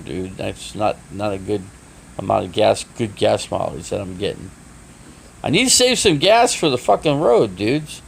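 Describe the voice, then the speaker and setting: Male streamer, gravelly voice that swings widely in pitch, flustered and cursing, phone mic, faint noise. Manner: flustered, swearing, restarting sentences. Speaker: live streamer. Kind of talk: casual live stream talk.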